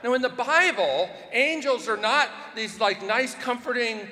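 A man preaching a sermon, lively and rhetorical, asking questions and pushing his voice up into shouts to drive points home. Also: extremely high pitch, measured pace, long reverb tail. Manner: animated, rhetorical questions, rising to shouts for emphasis. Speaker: pastor.

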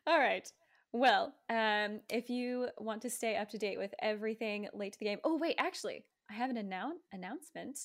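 A woman's voice: mid-range voice, normal speed. Upbeat woman hosting a podcast. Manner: upbeat and enthusiastic, casual swearing, many ums. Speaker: podcast host. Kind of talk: casual podcast chat.

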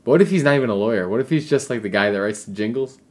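A man co-hosting a casual podcast chat, with a dry, sarcastic, low-key delivery. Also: expressive, racing, a little mellow. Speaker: podcast co-host.

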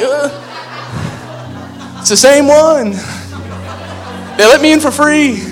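A man with a high-pitched voice preaching in a loose, joking, conversational way. His voice carries a long reverb from a large church hall, and faint music sits underneath. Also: takes it slowly, pauses often. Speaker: pastor. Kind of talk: sermon.

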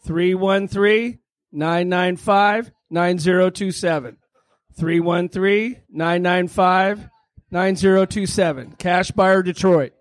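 A property manager giving a quick, businesslike self-introduction on a handheld mic at a meeting. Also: male voice, high-pitched, fairly even intonation, dry recording.

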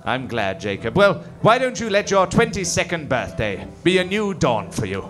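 A man's voice: on the high side, normal speed, faint music behind. A man playing a pompous, bossy train captain in an improvised comedy. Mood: blustering. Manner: bossy, blustering, lively.

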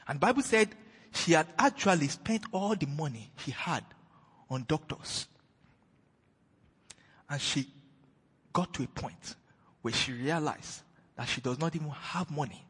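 A man preaching a sermon with a very husky, breathy voice and a lively, swinging pitch. He moves between loud declarations and hushed retellings of scripture. His voice carries a long reverb from a church hall. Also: unhurried, long pauses.

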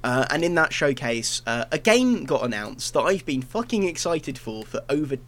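A man co-hosting a casual gaming podcast, excitable, swearing and stumbling over his words. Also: fairly high pitch, normal speed. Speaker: podcast co-host.

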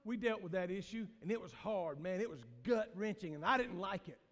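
A middle-aged man preaching a sermon as pastor, moving from hushed storytelling to shouted emphasis. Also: high-pitched, fairly quick. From American South. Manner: Southern preacher cadence, swings from hushed to shouting. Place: church sanctuary. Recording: reverberant church hall.

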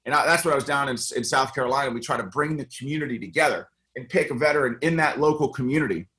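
A man's voice: mid-range voice, rapid-fire, sharp tone. A middle-aged American man speaking earnestly in a casual interview as a congressional candidate, with many fillers and restarts. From United States.

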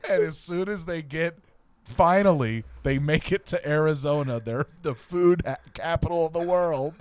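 A man's voice: on the high side, normal speed, darkish tone, clean tone, no echo. A man co-hosting a comedy podcast who tells absurd, playful stories in casual banter. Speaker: podcast co-host. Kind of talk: improvised comedy chat.

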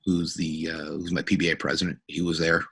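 A middle-aged man, a police officer, telling a personal story in a podcast interview in a halting, earnest way with many fillers and restarts. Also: a bass voice, level tone, a bit bright, slightly rough.

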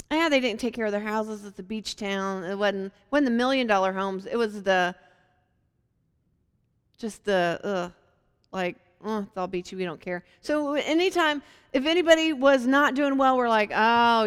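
A woman from Virginia teaching a Bible passage in a casual, animated way, acting out the quotes in lively voices. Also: a little high, clear, resonant tone, big-room sound. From Hampton, Virginia.

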